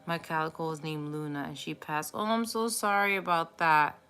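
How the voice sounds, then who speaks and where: Bright-voiced woman chatting to viewers. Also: sits low, moderate pace, clear, resonant tone, faint music behind. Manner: chatty and affectionate, cooing baby talk at her cat. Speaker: tarot reader live streaming. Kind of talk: casual live-stream chat with viewers.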